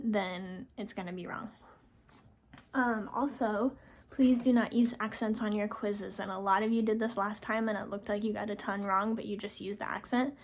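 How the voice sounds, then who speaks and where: A woman French teacher going over the week's assignments in a casual recorded announcement, with frequent ums and firm reminders. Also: medium pitch.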